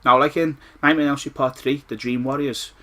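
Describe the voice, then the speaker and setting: A man with a Scouse accent gives an old game review in a bright, forceful voice. He rants and swears without restraint. He rambles and repeats himself as he goes. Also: mid-range voice, steady tone, a little fast. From Liverpool, England. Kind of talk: ranting retro game review.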